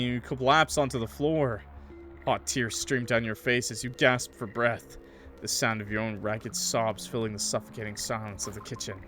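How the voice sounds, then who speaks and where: A man's voice: mid-range voice, fairly bright tone, a little hiss or hum. A man streaming a horror visual novel, reading it aloud dramatically with casual joking asides. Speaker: gaming streamer.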